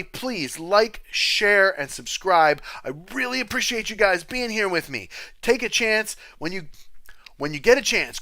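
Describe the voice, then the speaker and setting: Upbeat male streamer, smooth clear tone, reads chat aloud casually. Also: high voice, bright, forceful tone, no echo. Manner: upbeat and chatty, thanks viewers often. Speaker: livestream host and music teacher. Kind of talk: casual livestream chat, reading viewer comments.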